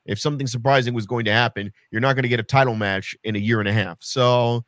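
A man casually chatting about wrestling as a podcast co-host, animated and sarcastic, swearing freely. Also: medium pitch, quick pace, no room sound, clean studio sound.

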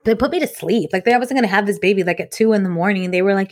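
A woman, co-hosting a podcast and telling a personal story in casual chat, animated and acting out the voices she quotes. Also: medium pitch, very fast, dry recording, studio quality. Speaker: podcast co-host.

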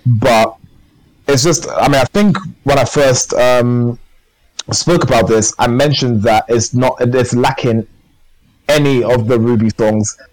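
A man's voice: mid-range voice, measured pace, a little mellow, no echo, rough recording. A man co-hosting a podcast, chatting casually and enthusiastically in a rambling way. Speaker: podcast co-host. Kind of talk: casual chat.

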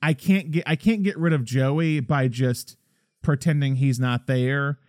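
A man co-hosting a podcast, talking through a film in a rambling, animated way. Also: medium pitch, measured pace, no room sound, studio quality. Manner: rambling, animated, acts out quotes. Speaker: podcast co-host. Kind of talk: casual film discussion.

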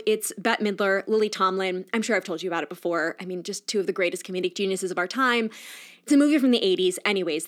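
A woman, hosting a podcast and telling a personal story in a chatty, animated way, her voice rising high at emotional moments. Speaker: podcast host. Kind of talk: casual storytelling monologue.

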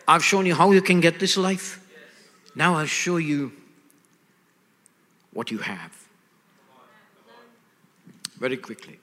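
A man's voice: on the high side, bright, forceful tone. An older man preaching a sermon emphatically, checking in with his listeners through call-and-response questions. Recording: echoey hall.

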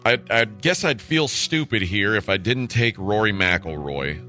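A man co-hosting sports talk radio in an easygoing way, thinking aloud as he goes. His voice is bright and forward, with faint music behind. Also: lowish voice, expressive, a little slow. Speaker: co-host. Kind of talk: casual sports radio chat.

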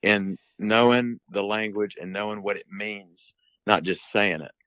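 A man's voice: fairly low pitch, steady tone, unhurried, fairly bright tone, smooth, no room sound, rough recording. A man being interviewed as a guest on a podcast, explaining things in a casual, uneven way with restarts and bursts of emphasis. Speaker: podcast guest, turkey hunter.

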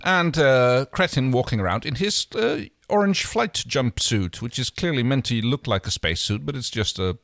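A man's voice: medium pitch, lively intonation, moderate pace, vocal fry, few pauses, a bit bright, dry recording, clean studio sound. A man casually recapping a TV episode as a podcast co-host, rambling and hesitant.

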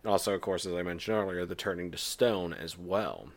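A man's voice: low-pitched, fairly quick. A man co-hosting a casual podcast chat, laid-back and hesitant, with dry humor. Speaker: podcast co-host.

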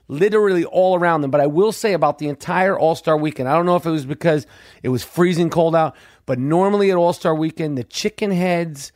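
A man hosting a podcast, telling a profane story in an animated way and acting out quotes. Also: a little high, fairly quick, no room sound, clean studio sound. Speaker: podcast host.

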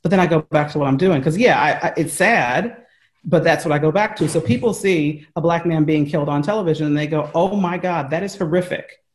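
A man's voice: on the high side, brisk. An American man speaking earnestly as an interview guest on a call from home, explaining at length with frequent fillers and restarts. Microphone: remote call from home.

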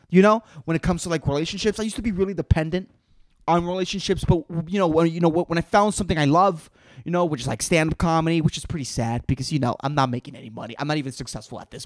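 A man's voice: high voice, no room sound. A man rambles through a solo podcast in a voice that swoops up and down with animation. He talks like a stand-up comic, loose and profane and full of fillers. The sound is dry and close, with no room around it. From Puerto Rico. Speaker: podcast host and stand-up comedian.

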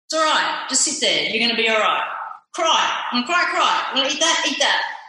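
Woman doing a blunt cursing husband, raised bright voice, loving bluntness, very echoey room. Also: fairly high pitch, big pitch swings, fairly quick, heavily acted. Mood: blunt, fond. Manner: brash and profane, teasing and loving. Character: blunt, swearing, accepting husband, a man.

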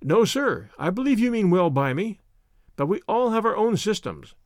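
A man's voice: sits high, big pitch swings, moderate pace, dry recording, clean studio sound, pitched above the performer's own voice. A man voicing a shrewd, stubborn male police inspector who talks in a cocky, pointed way. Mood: sly, self-assured.

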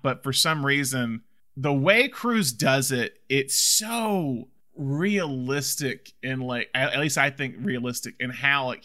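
Excitable young man gushing about films. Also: mid-range voice. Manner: excitable, gushing, full of fillers and restarts. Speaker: podcast co-host. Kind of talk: casual chat about films.

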